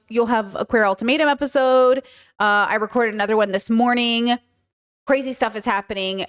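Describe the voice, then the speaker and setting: A woman hosting a podcast livestream, chatting casually in a rambling, animated way with lots of fillers. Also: on the high side. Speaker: podcast host.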